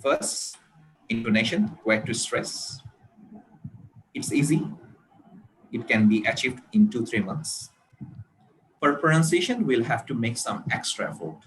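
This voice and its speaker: A man from Bangladesh with a Bangladeshi English accent, lecturing on public speaking in a deliberate way, with frequent pauses and stressed key words. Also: medium pitch, animated, fairly bright tone, slight background noise, rough recording. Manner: deliberate, with many pauses and hesitations.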